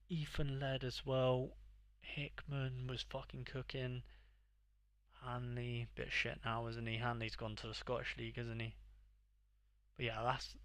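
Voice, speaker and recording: A young man chats casually with his livestream audience. His voice is bright and forceful, the sound dry and close. He talks in mock-exasperated bursts, swearing freely as he bickers with viewers. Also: medium pitch, dry recording. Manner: exasperated, sweary banter with chat. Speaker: livestream host.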